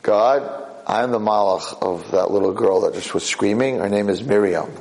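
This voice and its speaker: A man voicing a small, earnest male guardian angel pleading before God, in a low, gravelly voice near his own. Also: moderate pace, a little mellow, long reverb tail, low-quality recording.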